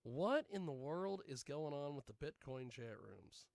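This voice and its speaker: Gravelly-voiced man hosting a rambling show. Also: on the high side, sing-song, unhurried, darkish tone, no room sound, clean studio sound. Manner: rambling, jokey asides to himself. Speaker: radio show host. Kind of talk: casual live show chat.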